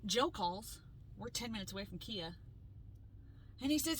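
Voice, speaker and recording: A woman co-hosting a podcast, telling a story in casual chat, animated and swearing freely as she acts out what people said. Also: medium pitch, moderate pace, slight background noise, low-quality recording. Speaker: podcast co-host.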